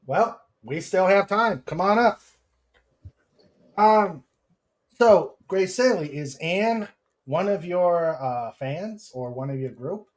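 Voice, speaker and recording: A man hosting a casual livestream, reading viewer comments aloud and stumbling through fillers. He talks slowly in a fairly high voice. His delivery is hesitant throughout. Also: expressive. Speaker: host.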